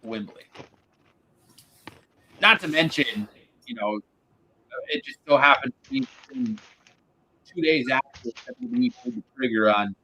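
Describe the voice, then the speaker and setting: Blunt, bright-voiced male podcast host. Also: medium pitch, very animated, measured pace, pauses often, breathy edge, rough recording. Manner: blunt, opinionated, swears casually. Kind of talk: casual wrestling chat.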